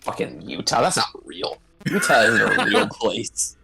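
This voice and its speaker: A man's voice: fairly low pitch, sing-song, measured pace, gravelly, pushed and bright, poor audio. A man streaming a game with a friend, joking and laughing often as he chats. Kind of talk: casual gaming stream chat.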